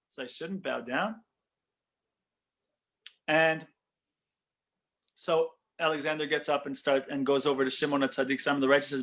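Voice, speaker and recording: A man, a rabbi, telling a story in a lesson, animated and often correcting himself mid-sentence. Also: a little high, normal speed, pauses often.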